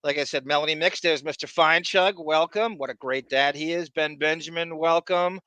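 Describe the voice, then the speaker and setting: A man hosts a casual podcast, calling out viewers by name between crude jokes and long rambling stories. His voice is bright and forceful, and it is recorded dry and close. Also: a little high, normal speed, clean tone, dry recording. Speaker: podcast host. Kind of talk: casual chat, greeting live chat viewers.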